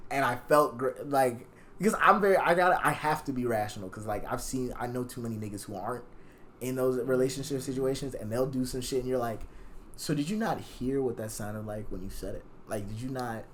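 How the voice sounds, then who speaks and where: A young man chatting casually on a podcast, telling a story with lots of profanity. He acts out the lines he quotes, so his voice swings in pitch and loudness. A faint hiss of noise sits behind him. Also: fairly quick. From Jamaican. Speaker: podcast guest.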